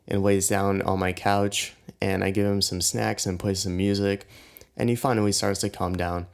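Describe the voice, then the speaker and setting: A man's voice: low-pitched, clear, resonant tone. A young man telling a casual, slangy, profane story straight to his viewers. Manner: laid-back, slangy, profane. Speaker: storytime vlogger.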